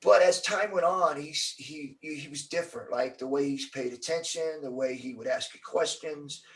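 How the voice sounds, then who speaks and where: A middle-aged man telling a story as an interview guest, acting out the quotes with lively energy. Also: on the high side, normal speed, distant mic, low-quality recording. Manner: animated storyteller, acts out quotes.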